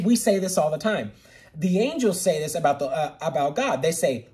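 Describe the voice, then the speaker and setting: A man giving a casual online Bible study, earnest and eager, repeating words for emphasis and rushing through his reading. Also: a little high, expressive, mellow. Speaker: Bible teacher.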